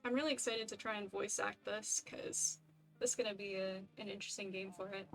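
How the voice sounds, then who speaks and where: A woman's voice: mid-range voice, steady tone, brisk, vocal fry, soft background music. A woman streaming a video game, chatting casually and with self-amused asides. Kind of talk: casual let's-play commentary.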